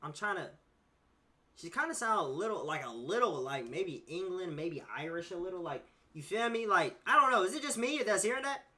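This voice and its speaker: Young male streamer, casual slangy reaction talk, bright and lively. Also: sits high, fairly quick. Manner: animated, slangy, talks back at the screen.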